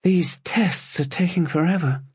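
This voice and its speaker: A man voicing a worried young wife lying in a hospital bed, tired and sharp, in a dull lo-fi recording. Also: fairly high pitch, measured pace, slightly rough, dry recording, pitched above the performer's own voice. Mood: weary.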